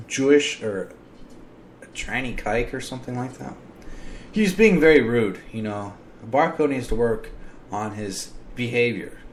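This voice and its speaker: American man, podcast host, casual rant, profane, exasperated, faint background hiss. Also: mid-range voice. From United States. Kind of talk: casual ranting monologue.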